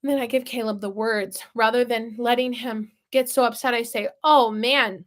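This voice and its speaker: A woman's voice: a little high, fairly even intonation, normal speed. A woman, a mother, talking earnestly and casually to camera about her toddler, with lots of fillers and asides. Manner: earnest, chatty, with many fillers and soft asides. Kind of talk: casual explanatory talk to camera.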